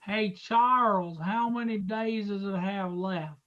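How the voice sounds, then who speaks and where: A man's voice: high voice, slow pace, sharp tone, dull audio. A man hosting a live drawing stream, chatting casually and rambling through jokes and plugs. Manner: joking, rambling, teasing.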